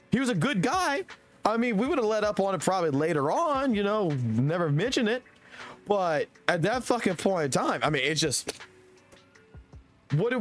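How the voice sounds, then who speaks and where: Young male streamer, slightly high and very lively delivery, crude rambling storyteller. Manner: profane, rambling anecdote with laughs. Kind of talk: casual storytelling on a live stream.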